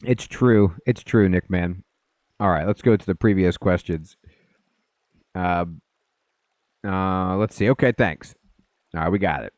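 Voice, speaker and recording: A man's voice: low voice, darkish tone, no echo, clean studio sound. A man doing casual live commentary on a game, chatty and rambling, greeting viewers as he plays. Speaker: let's play streamer.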